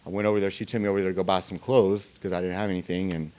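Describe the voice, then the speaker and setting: A man's voice: deep voice, little pitch movement, a little mellow, smooth. A man telling his recovery story to a meeting in a loose, conversational way. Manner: conversational storytelling, many fillers and pauses. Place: meeting room.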